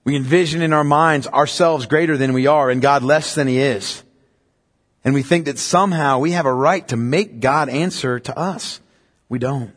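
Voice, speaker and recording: A man preaching an emphatic expository sermon as pastor, often sinking his voice low and quiet to drive a point home. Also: normal speed. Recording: long hall reverb.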